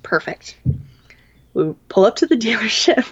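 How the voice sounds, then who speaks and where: A woman's voice: on the high side, big pitch swings, unhurried, breathy edge. A woman in her thirties telling a long story in a casual podcast chat, rambling with lots of fillers. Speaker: podcast co-host. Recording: dull lo-fi sound.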